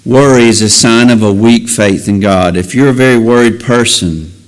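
A man's voice: medium pitch, normal speed, smooth, rough recording. A man preaching a sermon and reading scripture aloud, earnest, often building to emphatic raised passages.

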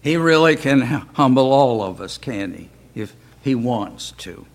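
With an expressive, medium-pitched voice and a measured pace, a man teaches a relaxed Bible class in a church. His style is folksy, and rhetorical questions come up often.

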